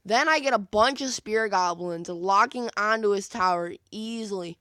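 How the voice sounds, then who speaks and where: A man's voice: sits high, moderate pace, pushed and bright, clean tone, no room sound. A young man giving casual commentary on his own gameplay, rambling and acting out his own thoughts in quotes with many fillers. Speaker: gaming video creator.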